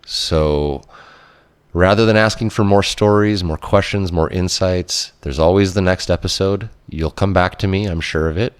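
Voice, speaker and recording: A man hosting a podcast interview, talking slowly and reflectively, gently affirming his guest. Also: low-pitched, clear, resonant tone, no echo. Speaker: podcast host. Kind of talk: conversational interview.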